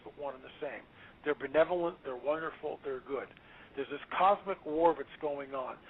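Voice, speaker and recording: A male author talking as an interview guest, emphatic and preachy, quick to exclaim. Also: fairly high pitch, slight background noise. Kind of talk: animated interview talk. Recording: tinny phone-line audio.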